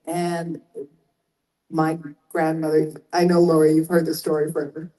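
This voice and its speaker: An older woman talks from a convention panel stage, her voice sitting low and warm. She tells stories in a chatty, explaining manner and tosses asides to people in the audience. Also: monotone, moderate pace, long pauses, rough recording. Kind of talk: live panel storytelling.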